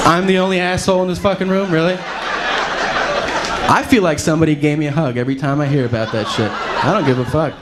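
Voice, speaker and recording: A man doing a loud, profane stand-up routine with mock outrage. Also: mid-range voice, heavy background noise. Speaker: stand-up comedian.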